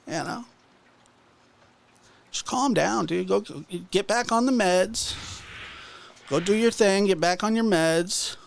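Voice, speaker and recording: A man's voice: high-pitched, slow, vocal fry, long pauses. A man hosting his own channel, ranting casually in a mocking, exasperated way with many restarts. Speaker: channel host. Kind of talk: casual livestream rant.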